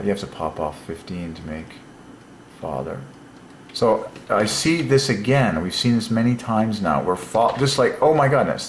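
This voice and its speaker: A man with a slightly low voice presents word-number puzzles on his own, thinking aloud with excitement, marveling and chuckling between points. His surroundings sound roomy and echoey, with a faint hum of ambience underneath.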